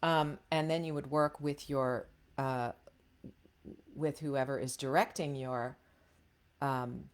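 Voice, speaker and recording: A woman's voice: a bass voice, steady tone, takes it slowly, long pauses. A middle-aged woman coaching voice actors in a casual, frank teaching talk, chatty with many fillers and restarts.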